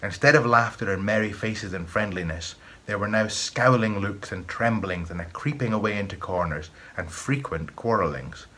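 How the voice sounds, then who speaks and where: A man with a Scottish accent from the east of Scotland, reading a folk tale aloud in an expressive storytelling manner. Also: on the low side, moderate pace, few pauses, breathy edge.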